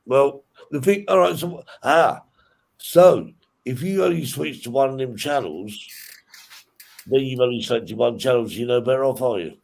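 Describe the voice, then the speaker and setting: A man's voice: mid-range voice, moderate pace, gravelly, a little mellow. A man hosting a casual live-stream chat, talking things through with lots of restarts and repeats. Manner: chatty, explains things in restarts. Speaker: show host.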